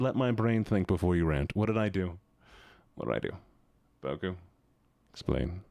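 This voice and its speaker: A man's voice: low voice, lively intonation, measured pace, gravelly, pauses often, darkish tone, no room sound. A man chatting casually on a live stream, rambling, swearing and joking with his viewers.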